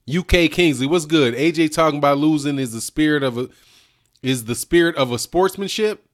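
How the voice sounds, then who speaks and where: A man with a slightly higher voice talks loosely and in slang. He laughs a lot and keeps saying "dog" and "man" as he chats with his viewers on a live stream. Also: fairly quick. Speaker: boxing channel host. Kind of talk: casual livestream chat reading super chats.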